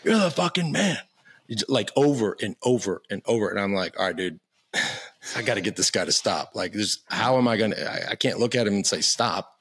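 A man's voice: lowish voice, brisk, fairly bright tone, breathy edge. A man in his fifties telling stories as a podcast guest, casual and profane, with lots of stammering restarts. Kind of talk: casual storytelling.

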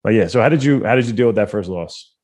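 A man's voice: on the low side, expressive, quick pace, darkish tone. A man hosting a podcast interview, asking long questions in an easygoing, agreeable way. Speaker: podcast host. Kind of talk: casual interview.

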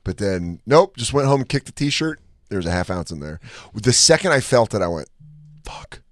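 A man's voice: lowish voice, fairly quick, no echo. A man hosting a podcast, telling stories in casual chat and acting out what he said. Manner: animated, acts out quotes of himself. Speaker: podcast host.

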